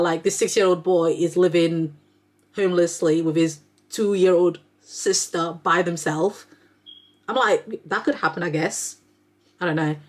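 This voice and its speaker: A young adult woman chatting casually about books she read, rambling and filling her talk with "like". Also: lowish voice. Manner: chatty, rambling, heavy use of "like" fillers. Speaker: book reviewer, neonatal nurse. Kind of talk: casual book review chat.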